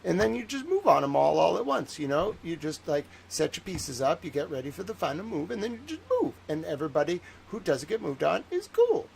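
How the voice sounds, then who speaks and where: A man's voice: a little high, fairly quick, gravelly, hardly any pauses, poor audio. A man, hosting a rambling livestream monologue with boastful, joking bursts. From Massachusetts. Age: 30s. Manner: animated, swings from muttering to excited bursts. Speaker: livestream host.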